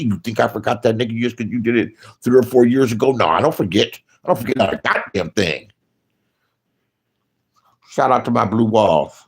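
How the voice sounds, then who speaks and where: A man speaking in a profane, casual commentary rant, his voice jumping loud and high when he mocks people. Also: moderate pace, husky. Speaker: online commentator.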